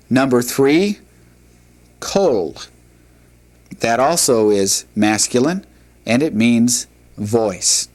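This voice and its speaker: A man with a mid-range voice teaches a recorded language lesson in a patient, methodical way. He often pauses with "uh" and "all right."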